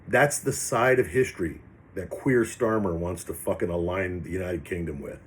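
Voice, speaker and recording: A man's voice: low voice, normal speed, slight background noise. A man vlogger delivering ranting political commentary in an angry, profane, rambling way.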